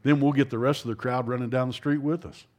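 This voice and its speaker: A man's voice: medium pitch, fairly even intonation, fast talker, a little mellow. A middle-aged man preaching an informal, folksy sermon, rambling with restarts and asides.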